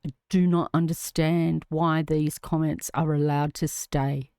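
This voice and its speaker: A woman's voice: low voice, little pitch movement, unhurried, mellow, smooth, no echo, clean studio sound. A middle-aged Australian woman hosting a livestream, ranting indignantly and swearing as she reads comments aloud. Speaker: livestream host.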